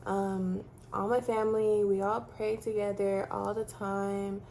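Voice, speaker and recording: A woman's voice: mid-range voice, level tone, measured pace, gravelly, a little mellow, slight background noise. A woman from Texas telling her own story casually to camera, chatty, with many fillers like "like" and "um". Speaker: vlogger sharing her story.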